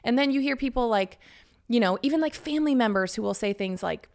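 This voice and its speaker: A woman's voice: fairly high pitch, expressive, a little fast, creaky, darkish tone. A woman in her thirties hosting a solo podcast, talking candidly and casually with the odd swear word. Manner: candid, chatty, swears casually, acts out quoted friends. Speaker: podcast host.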